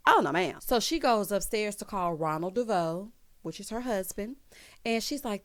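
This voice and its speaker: A woman's voice: mid-range voice, moderate pace. Sassy woman recapping a reality show. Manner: sassy, animated asides with loud bursts of laughter; reads out quotes in other voices. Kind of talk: casual recap commentary.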